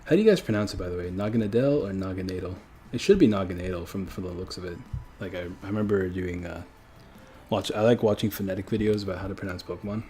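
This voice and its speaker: A man's voice: low voice, expressive, fast talker, mellow, a little hiss or hum. A young man hosting a casual livestream, rambling and correcting himself as he chats with viewers. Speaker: livestream host. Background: faint background music.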